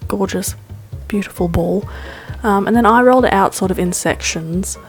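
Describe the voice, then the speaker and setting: A woman's voice: medium pitch, moderate pace, faint music behind. A woman hosting a vlog, first narrating a film essay, then chatting enthusiastically through a recipe with fillers and laughs. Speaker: vlog host.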